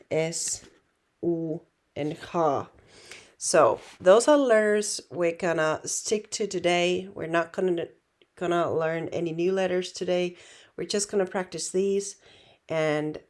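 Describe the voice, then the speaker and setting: A woman with Finnish as her first language, teaching a relaxed online language lesson in an unhurried, reassuring way. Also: on the low side. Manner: unhurried, reassuring, many fillers and restarts.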